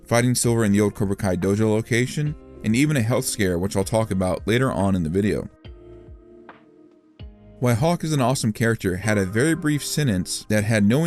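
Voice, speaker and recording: A man giving reflective scripted commentary in a measured, self-reflective way. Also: fairly low pitch, darkish tone. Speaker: video essayist.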